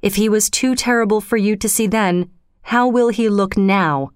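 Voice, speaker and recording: A woman's voice: medium pitch, moderate pace, smooth, no room sound, clean studio sound, natural voice. A woman doing a weary frightened old father. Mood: weak. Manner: weak, fearful.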